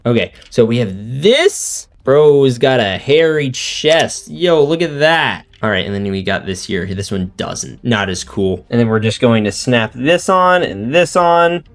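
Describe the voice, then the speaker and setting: A man hosting a toy unboxing video, chatting in a casual, excitable, slangy way. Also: mid-range voice. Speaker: toy unboxing channel host.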